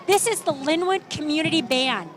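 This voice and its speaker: A woman's voice: high voice, expressive, normal speed, over music. A woman giving live commentary on a street parade outdoors, chatty and reading from her notes, often correcting herself.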